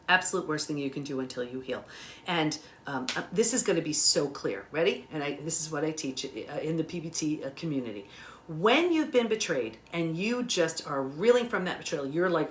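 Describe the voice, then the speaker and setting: A woman's voice: low-pitched, a bit bright, slight background noise. A middle-aged woman speaking as an interview guest, explaining emphatically and animatedly while gesturing as she talks. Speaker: guest expert on betrayal recovery.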